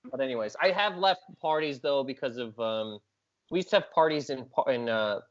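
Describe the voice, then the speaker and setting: A man guest on a podcast, telling stories in a casual chat, animated and self-mocking. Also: mid-range voice, brisk, highs cut off, crowd noise.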